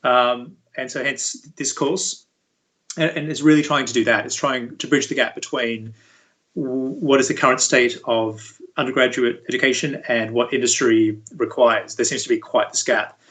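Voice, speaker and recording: A man speaking as an interview guest, a university VFX lead explaining things in a relaxed, conversational way. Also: medium pitch, moderate pace, low-quality recording. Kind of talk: casual interview chat.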